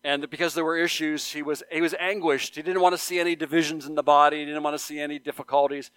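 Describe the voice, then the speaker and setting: Earnest pastor preaching, smooth voice. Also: male voice, fairly high pitch, little pitch movement, fast, no echo. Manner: earnest, repeats phrases for emphasis, rises to loud appeals. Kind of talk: sermon. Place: church sanctuary.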